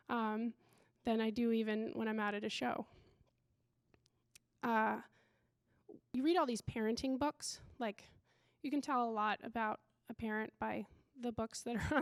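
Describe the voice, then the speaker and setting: A woman's voice: on the high side, dry recording. A middle-aged woman doing stand-up storytelling in a conversational way, full of fillers, acting out the people she quotes. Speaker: stand-up comedian.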